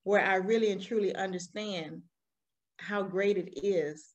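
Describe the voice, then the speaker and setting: A woman in her forties with a Southern American accent, telling her story as an interview guest with lively, laughing energy. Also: medium pitch, a little slow, lo-fi sound. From Alabama, US. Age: 40s. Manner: animated storytelling, laughs often. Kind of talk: conversational interview.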